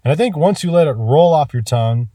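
A man teaching a vocabulary lesson, enthusiastic about words and spelling them out slowly. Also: fairly high pitch, expressive, mellow, dry recording, studio quality, far from the mic.

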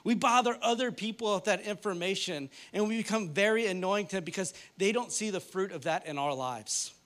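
A man in his late thirties gives a sermon in a relaxed, conversational way, slipping into funny stories and playful asides. His voice sits a little higher than most men's. He speaks to the congregation as if chatting with friends. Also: fairly quick. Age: 30s. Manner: conversational, joking storyteller. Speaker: pastor.

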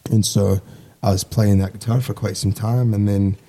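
A young man in his twenties speaks low in a gravelly voice with a Midwestern American accent. He talks in a relaxed, rambling way, easy and unhurried. He sounds like a Navy sailor chatting casually about himself. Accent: Midwestern American, put-on. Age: 20s. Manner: relaxed, rambling, laughs easily. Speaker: guest, Navy sailor and guitarist. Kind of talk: casual interview chat.

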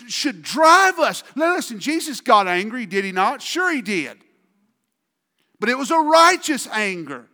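A pastor preaches in a high, bright voice whose pitch swings widely up and down. He shouts key words in sudden bursts, then drops into quiet asides, everything echoing in a long hall reverb.

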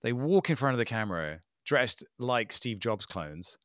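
A man co-hosting a casual tech podcast, talking in an animated, sarcastic way and mimicking people he mocks. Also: medium pitch, moderate pace, no room sound, studio quality. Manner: animated, mocking impressions, sarcastic. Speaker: podcast co-host.

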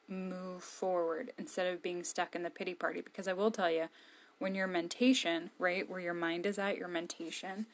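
A woman giving casual, emphatic encouragement to camera from her own room. She is candid and blunt. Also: on the low side. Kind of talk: casual motivational talk to camera.

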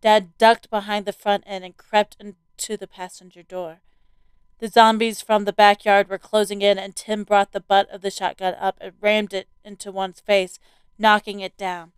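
A woman reading a first-person horror story aloud as a scripted narration, with steady, vivid storytelling. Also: medium pitch, normal speed, clean tone, dry recording.

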